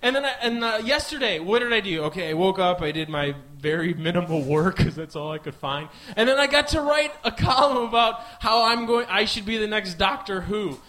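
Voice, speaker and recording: Young male comic host from the Midwest: high voice, wildly swinging delivery, excitable and profane, rambling self-mocking bits. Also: fairly quick, few pauses. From American Midwest. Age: 20s. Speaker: live podcast host.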